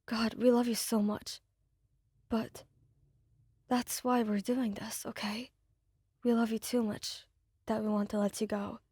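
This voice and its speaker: Woman as a gentle young man begging quietly in a breakup ASMR story. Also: medium pitch, little pitch movement, normal speed, husky, no echo, clean studio sound, natural voice. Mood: pleading.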